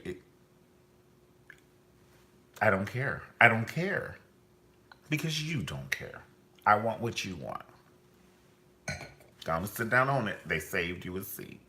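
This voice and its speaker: A man's voice: deep voice, animated, unhurried, pauses often, sharp tone. A man reviewing a TV series in a vlog, blunt and profane, swinging theatrically up and down as he rants. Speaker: TV show reviewer. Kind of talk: ranting commentary vlog.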